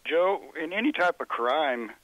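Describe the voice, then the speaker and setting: A man from Oklahoma calling in to a radio show, plainspoken and steady. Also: on the high side, measured pace, no echo. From Oklahoma, USA. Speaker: caller. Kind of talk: phone-in radio call. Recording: dull lo-fi phone line, dry.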